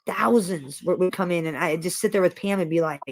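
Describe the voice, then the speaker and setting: A woman's voice: fairly low pitch, brisk, creaky, no room sound. Hesitant, chatty middle-aged woman. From Iowa, USA. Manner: hesitant, repeats words, casual and chatty. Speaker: livestream host. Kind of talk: casual livestream chat.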